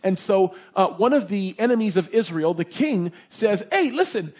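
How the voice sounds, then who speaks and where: Man, preacher, sermon, informal storytelling, very high voice, husky. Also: moderate pace. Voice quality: animated, informal storyteller with slangy asides. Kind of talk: sermon with retold Bible stories. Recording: dull lo-fi recording.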